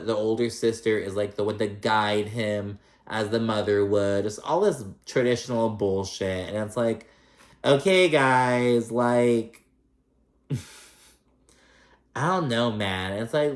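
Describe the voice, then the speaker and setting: A man's voice: fairly low pitch, slow pace. A man casually recapping a reality show, swearing freely and acting out what the cast members said. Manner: profane, animated, acts out quotes. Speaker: host. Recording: echoey room.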